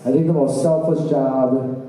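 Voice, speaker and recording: A man's voice: mid-range voice, fairly even intonation, dark tone. Rambling stand-up man in an echoey bar. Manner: halting, meandering delivery with fillers and trailing asides. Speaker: open mic comedian. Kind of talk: stand-up comedy set. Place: small bar open mic stage, indoors. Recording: echoey bar from a distant camera with faint room noise.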